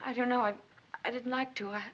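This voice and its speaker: A young actress playing a shy, timid wife who stammers and apologizes in a 1940s film. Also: female voice, a little high, fairly even intonation, fast talker, fairly bright tone. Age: young adult. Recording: hissy, dull 1940s film soundtrack.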